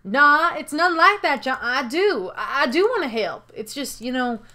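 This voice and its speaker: A woman's voice: sits high, very animated, normal speed, bright, forceful tone, voice pushed up, exaggerated voice. A woman voicing a timid, self-doubting young man who speaks hesitantly with stammers. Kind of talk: game dialogue read aloud.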